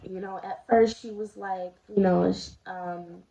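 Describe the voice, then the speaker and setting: A woman vlogger eats while telling her viewers a personal story, speaking directly to them in a chatty, confiding way. Her voice sits at medium pitch with fairly even intonation, a measured pace and some vocal fry. Crowd noise can be heard, and the home recording sounds roomy and slightly dull.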